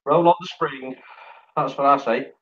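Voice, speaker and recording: A medium-pitched, fairly bright voice with fairly even intonation comes through dull audio at normal speed. It belongs to a tired livestream host from Sheffield, England, with a Yorkshire accent, who chats casually, laughs often and reads viewer comments aloud.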